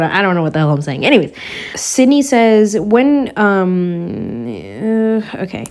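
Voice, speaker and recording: A woman's voice: mid-range voice, sing-song, measured pace, a little mellow. A young woman casually analyzing a TV show for her viewers, chatty and slangy, often going off on tangents. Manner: rambling, goes off on tangents. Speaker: YouTuber reviewing a TV show.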